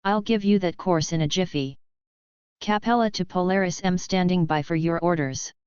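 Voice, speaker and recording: A woman's voice: lowish voice, darkish tone, clean tone, no echo, lo-fi sound, close to an everyday voice. A woman voicing a sardonic, wisecracking young male radar cadet. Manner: sarcastic and quick-tongued.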